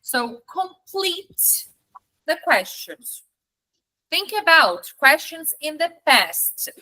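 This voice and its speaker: A woman teaching an online English class, patient, explaining slowly and demonstrating intonation. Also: sits high, sing-song, pushed and bright, rough recording.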